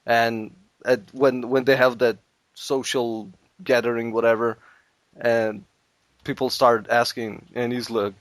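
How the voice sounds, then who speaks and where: Slow-talking man telling a silly story. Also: mid-range voice, little pitch movement, dry recording. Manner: laughs often, rambling storytelling with put-on voices. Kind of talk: casual comedic chat.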